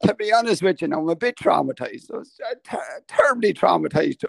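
An Irish man co-hosting a casual podcast chat, telling stories with animated energy and jumping high in pitch when amazed. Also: a little fast, gravelly. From Ireland. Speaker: podcast co-host.

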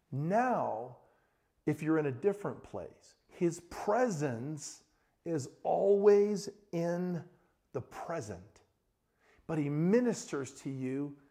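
A middle-aged male pastor delivers a sermon with a slightly high voice. He tells stories with lively energy. He drops low and soft for scripture, then climbs high and loud in the anecdotes. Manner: storytelling, animated, rises to excited shouting in anecdotes.

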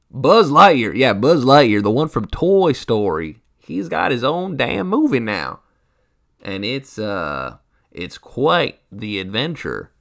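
A man doing a crude stand-up rant, his pitch swinging lively from line to line. He rambles, swears constantly and keeps tossing out rhetorical asides to the crowd. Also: creaky. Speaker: comedian.

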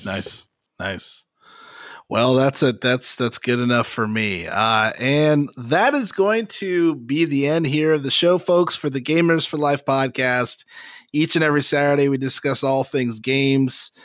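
A man's voice: mid-range voice, measured pace, a bit bright, no echo, studio quality. A man hosting a gaming podcast in easygoing casual chat, laughing often. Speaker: podcast host.

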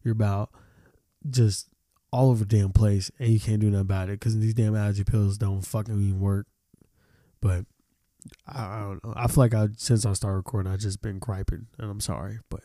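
Solo podcast host, a young man with allergy-clogged sinuses, rambles through a profanity-heavy, exasperated rant. His pitch sits fairly low, his delivery flat and a little fast, with a mellow tone captured dry at studio quality.

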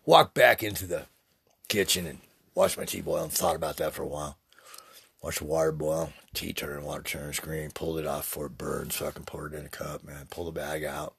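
Guy in his 60s rambling and cussing about god and dreams, deep husky voice. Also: steady tone, brisk, fairly bright tone, no room sound. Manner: rambling, preachy and profane. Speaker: podcast host. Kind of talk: spiritual motivational monologue.

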